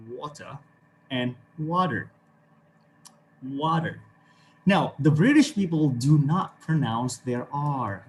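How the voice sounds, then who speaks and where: A somewhat high, slightly mellow male voice with a faint hiss or hum behind it. He's an Indonesian man with an Indonesian accent teaching an English class online, and he's encouraging, repeats words, and keeps checking in with "okay" and "right."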